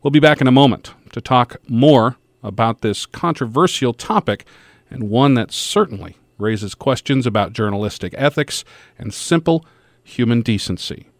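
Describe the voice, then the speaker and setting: A man hosting a radio talk show, introducing his guest and reading a statement in a measured, deliberate way with pauses. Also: medium pitch, lively intonation, no echo, studio quality. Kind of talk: scripted radio hosting and interviewing. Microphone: studio microphone.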